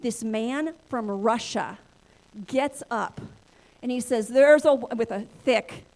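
High-voiced woman preaching a story sermon. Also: takes it slowly. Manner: lively personal storytelling, acts out her own inner voices. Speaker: pastor and church planter.

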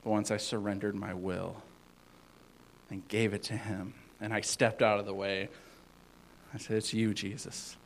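A man giving an informal sermon as a youth pastor, rambling with many fillers and swinging between loud and hushed. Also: on the low side, flat delivery, a little slow, slight background noise, rough recording.

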